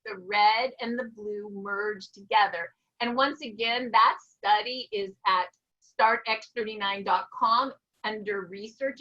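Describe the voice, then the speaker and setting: A woman speaks in a high, bright voice, animated and lively as she tells her story. The recording sounds a little dull and muffled. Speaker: co-host promoting a product. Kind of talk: casual conversation.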